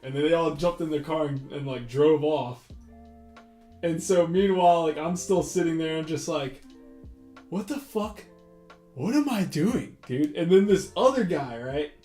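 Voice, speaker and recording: An artist hosting a drawing stream, a man with a fairly high voice, tells a rambling, profane anecdote in casual chat while he draws. His animated retelling is packed with fillers and recounted dialogue. The recording has a roomy echo and faint guitar music.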